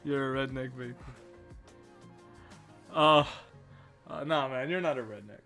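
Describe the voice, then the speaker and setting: A man's voice: medium pitch, measured pace, creaky, sharp tone, soft background music. A man from Canada chatting on a podcast, rambling with restarts and fillers and laughing often. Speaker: podcast co-host. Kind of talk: casual chat.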